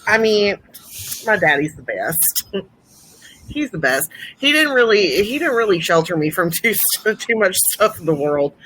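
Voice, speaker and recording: A woman's voice: medium pitch, very animated, measured pace, a bit bright, slight background noise, rough recording. A woman in her thirties co-hosting a podcast, chatting casually, teasing and laughing easily. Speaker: podcast co-host. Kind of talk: casual chat.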